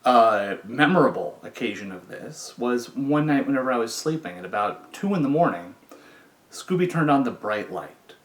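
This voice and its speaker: A middle-aged man telling a story in a relaxed, wry, conversational way. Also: mid-range voice, moderate pace. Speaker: storyteller, former prisoner. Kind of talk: casual spoken storytelling. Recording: echoey room.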